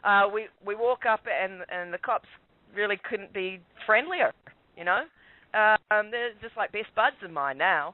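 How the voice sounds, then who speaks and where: A man on a thin, tinny phone line tells a long personal story in a loose, rambling way, poking fun at himself and chuckling as he goes. His voice sits a bit higher than most men's and sounds completely dry, with no room around it. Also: measured pace, dry recording. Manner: rambling, self-mocking, chuckles often. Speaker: guest caller. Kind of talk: casual storytelling.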